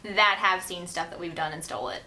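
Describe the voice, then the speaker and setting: A young woman, a book vlogger chatting casually to camera, who explains things in slow, roundabout ways and draws out her words. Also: on the low side, sharp tone, slight background noise.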